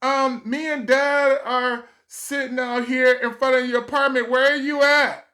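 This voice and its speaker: A man's voice: very high voice, flat delivery, unhurried, pushed and bright, pitched above the performer's own voice, heavily acted. A man voicing his impatient, worried mother, who scolds him for being late. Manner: insistent, scolding. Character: impatient worried mother calling her son.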